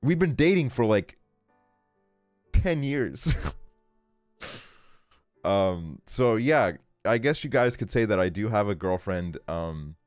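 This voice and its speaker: A man's voice: lowish voice, expressive, slow pace, pauses often, clean tone, no echo, clean studio sound, faint music behind. A young man streaming a game, telling a casual story in a rambling way, full of fillers and swearing. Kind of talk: casual storytelling while gaming.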